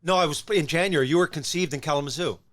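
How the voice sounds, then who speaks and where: A man in his sixties from Newfoundland, a former hockey player who tells stories as a podcast guest in a rambling, animated way with many restarts. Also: fairly high pitch, fast. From Newfoundland, Canada. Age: 60s. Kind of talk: casual storytelling.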